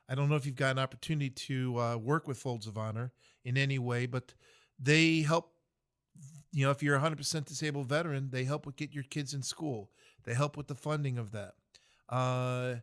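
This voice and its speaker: A man's voice: mid-range voice, fairly bright tone, clean tone. A man in his fifties from the United States, a military veteran, speaking earnestly and reflectively as a podcast guest. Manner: earnest, reflective, many fillers and restarts. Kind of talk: podcast interview.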